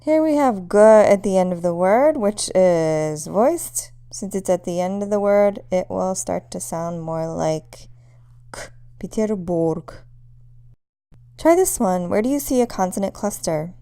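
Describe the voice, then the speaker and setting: A woman's voice: medium pitch, lively intonation, unhurried, hardly any pauses, warm tone, smooth. A woman teaching a pronunciation lesson, patiently demonstrating sounds one at a time. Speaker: language teacher.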